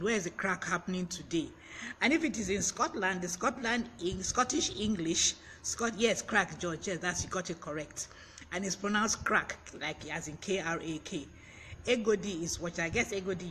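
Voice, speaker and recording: Bright, high-voiced man teaching words. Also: a little hiss or hum. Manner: chatty, greets viewers by name, laughs often. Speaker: vocabulary teacher on a live stream. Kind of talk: live-streamed word lesson. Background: fan blowing.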